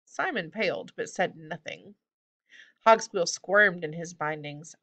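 A woman narrating a children's fantasy book aloud in a steady, clear reading voice. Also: deep voice, a little slow. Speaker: audiobook reader. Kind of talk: storybook narration.

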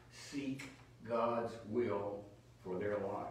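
A man's voice: lowish voice, unhurried, darkish tone, slight background noise. A man teaching a Bible study sermon in a church, speaking emphatically and asking his listeners rhetorical questions. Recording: echoey church from far off.

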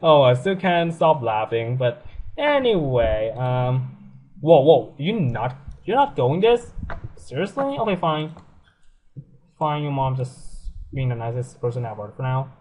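A young man giving casual, excitable commentary on a life-sim game, laughing often and swearing freely. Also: mid-range voice, measured pace. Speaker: let's play gamer.

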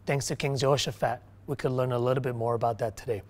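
A male pastor preaching a sermon, swinging from quiet, low stretches to loud, emphatic bursts, with frequent restarts. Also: fairly even intonation, fast.

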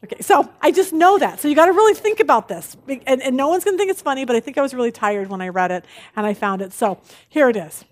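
A woman teaching a women's Bible study, animated and expressive, telling jokes as she speaks. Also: high-pitched, fast talker, hardly any pauses.

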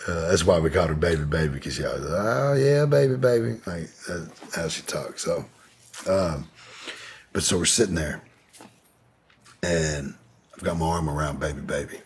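A man's voice: a bass voice, steady tone, normal speed, pauses often, slight background noise. A man as an interview guest, telling a personal story in a candid, profane way with many fillers. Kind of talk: casual storytelling.

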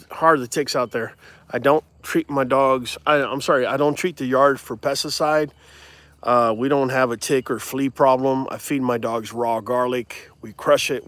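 A dog breeder hosting a casual livestream from his yard, answering viewer comments in a relaxed, chatty way with lots of "man" and "bro.". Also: mid-range voice, no room sound. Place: outdoors in a yard with dogs.

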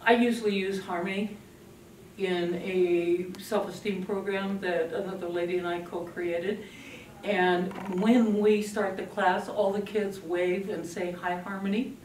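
A woman leads a parenting workshop before a live audience, lively and acting out little scenes as she talks. Her voice fills a roomy, echoing space and reaches a mic set some way off, with a faint hum of noise behind her. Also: medium pitch, a little slow. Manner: animated, acts out scenes with a puppet. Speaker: parenting speaker. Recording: echoey room from a distant mic.

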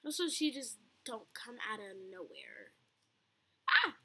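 In a gravelly, breathy voice of medium pitch and normal speed, a young gaming video host chats with her viewers while playing a video game. Excitable, she lets out frequent screams along with her casual commentary.

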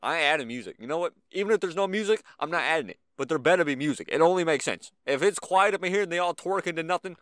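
A young man giving casual gameplay commentary as a gaming YouTuber, excitable and slangy, with sudden loud outbursts. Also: a little high, rapid-fire, few pauses, dry recording, clean studio sound.

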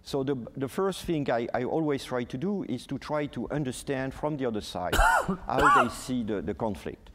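Man, French accent, 60s, ambassador guest, filler-heavy, animated storytelling, middle pitch, long reverb. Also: normal speed, hardly any pauses, a little hiss or hum. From France. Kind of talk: panel conversation.

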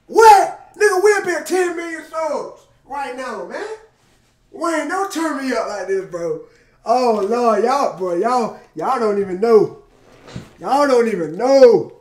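Hyped-up man shouting his reactions. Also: very high voice, takes it slowly. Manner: excitable, shouts and exclaims over the track; hyped, emotional, talks straight to viewers. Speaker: music reaction YouTuber. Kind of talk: casual reaction commentary.

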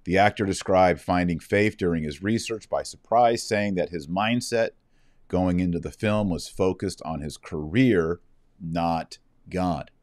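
Very deep-voiced man reading news. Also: unhurried, darkish tone, dry recording, studio quality. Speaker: host and commentator. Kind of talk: reading a news story aloud with commentary.

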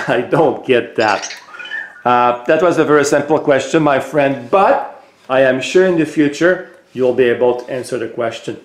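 Relaxed man demoing a gadget, roomy echo. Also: mid-range voice, moderate pace. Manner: relaxed, explanatory, with hesitant fillers. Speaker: tech vlogger. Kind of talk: casual product demonstration.

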